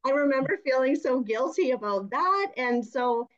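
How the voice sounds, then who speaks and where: A woman's voice: high-pitched, lively intonation, moderate pace. Earnest woman co-host, dull lo-fi sound. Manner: earnest, reflective. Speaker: podcast co-host. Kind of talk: casual chat.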